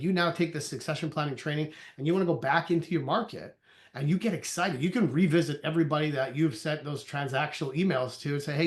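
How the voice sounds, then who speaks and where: Guy with a slightly high voice running a sales training, chatty, jumps into quoted bits of conversation. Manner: loose and conversational, many restarts. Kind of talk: energetic training talk.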